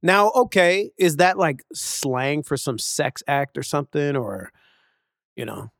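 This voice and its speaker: A man co-hosting a casual podcast, blunt and quick to swear and laugh. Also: fairly high pitch, gravelly, fairly bright tone, no room sound, studio quality. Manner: swears freely, laughs, blunt hot takes. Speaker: podcast co-host.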